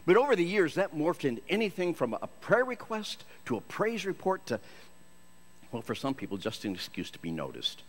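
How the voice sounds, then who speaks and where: A man's voice: a little high, wildly swooping pitch, fairly quick. A man from Michigan, a Christian actor, giving a humorous storytelling sermon in a self-deprecating, jokey way.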